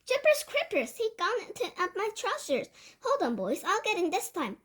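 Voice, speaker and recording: A panicking kitchen cook bellows and shrieks in a children's storybook, his voice pitched high and strained, put on by a woman reading aloud. He sounds frantic and loud throughout. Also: huge pitch swings, moderate pace, heavily acted. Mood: panicked yelling. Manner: yelling, shrill and frantic.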